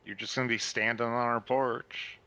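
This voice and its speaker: A man's voice: mid-range voice, little pitch movement, moderate pace, bright, forceful tone. A man speaking in character as a player in a tabletop game, bargaining in a casual, rambling way. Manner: bargaining, casual, filler-heavy. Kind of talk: in-character tabletop role-play.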